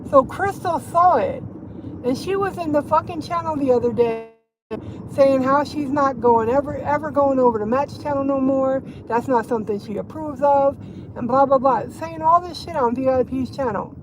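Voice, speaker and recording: High-voiced woman ranting while driving. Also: poor audio. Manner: profane, rambling, laughing. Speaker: livestreamer. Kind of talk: casual gossip livestream while driving. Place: inside a car, driving. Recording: road noise behind.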